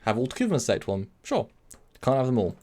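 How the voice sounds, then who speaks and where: Fairly quick and very animated, this man's medium-pitched voice carries a darkish tone. He hosts a laid-back stream, wandering from point to point, fixing his own slips, and reading chat aloud to reply.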